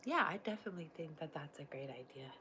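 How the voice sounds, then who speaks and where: A woman's voice: low-pitched, animated, quick pace, bright, forceful tone, a little hiss or hum, rough recording. A woman in her thirties hosting a casual livestream, chatty and emotional, laughing often as she rambles to her viewers. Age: 30s. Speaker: livestream host and mother. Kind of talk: casual livestream chat, reading viewer comments.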